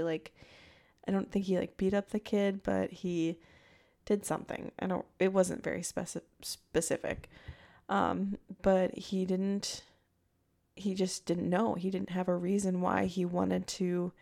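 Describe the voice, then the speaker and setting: Woman with a low-toned, gravelly voice. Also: darkish tone. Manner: chatty, thinking aloud, with fillers and reactions. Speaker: podcast host. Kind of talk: casual true-crime storytelling.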